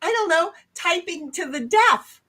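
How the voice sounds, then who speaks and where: Casual livestream co-host, woman, high voice, brash, swears, sudden loud bursts. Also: lively intonation, measured pace. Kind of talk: casual chat.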